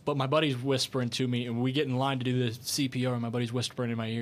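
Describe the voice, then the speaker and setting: A young man co-hosting a casual podcast, telling a funny story with a joking, animated manner. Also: mid-range voice, rapid-fire, hardly any pauses. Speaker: podcast co-host.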